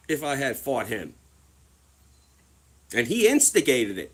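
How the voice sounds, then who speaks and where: A man's voice: mid-range voice, huge pitch swings, a little slow, long pauses, slightly rough. A young man telling stories casually to his viewers, swearing freely and acting out other people's voices. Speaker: livestreamer.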